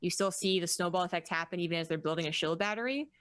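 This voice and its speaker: A woman's voice: fairly low pitch, fast talker, fairly bright tone. A woman co-casting a strategy game match live, chatty and opinionated, teasing her partner. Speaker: esports co-caster. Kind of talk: live commentary and banter.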